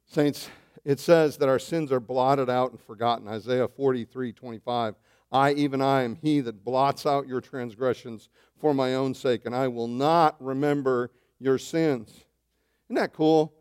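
A man preaching a sermon as pastor, animated, swinging between loud bursts and hushed asides, calling his listeners saints. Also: mid-range voice, a little slow, smooth. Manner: addresses listeners as saints, asks questions.

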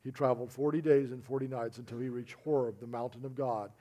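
Mellow-voiced man preaching a sermon. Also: mid-range voice, fairly even intonation, fast talker. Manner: earnest storytelling, quoting others in dialogue. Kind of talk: sermon with scripture reading.

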